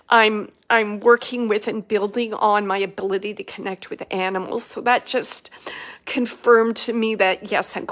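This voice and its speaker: A woman working as a psychic medium, giving a live spirit reading in a halting, emotional way with many fillers and restarts. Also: a little high, fairly bright tone.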